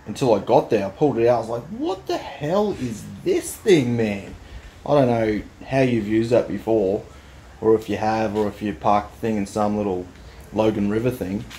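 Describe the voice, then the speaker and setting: A man's voice: fairly low pitch, warm tone, slight background noise. A man with an Australian accent ranting bluntly and dismissively, insisting something is not his fault. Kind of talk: mock-defensive rant.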